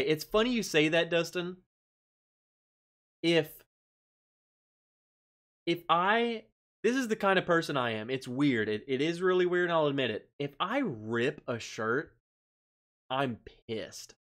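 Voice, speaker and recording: A man hosting a relaxed tasting livestream, talking straight to his chat and laughing easily. His voice sits a little high and swings widely in pitch. There's a stressed edge to how he talks. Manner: chatty, reads out chat comments, laughs often. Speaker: livestream host. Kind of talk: casual live-stream chat.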